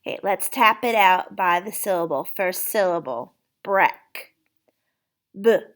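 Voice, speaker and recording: A woman's voice: lowish voice, lively intonation, moderate pace, a bit bright. A woman teaching a spelling lesson, patiently sounding out words letter by letter for a child.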